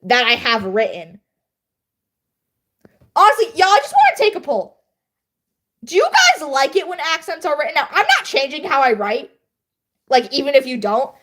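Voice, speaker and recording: A woman's voice: high-pitched, huge pitch swings, normal speed, pauses often, a bit bright. A young woman livestreaming, chatting casually and laughing at herself while editing her writing. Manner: self-deprecating, chatty, laughs often. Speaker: livestreamer and writer.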